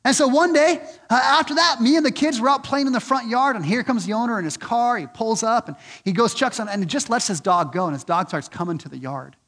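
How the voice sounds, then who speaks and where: A man preaching a sermon, earnest and repeating questions for emphasis, swinging from loud and lifted on key points to low and soft. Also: quick pace, hardly any pauses. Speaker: pastor.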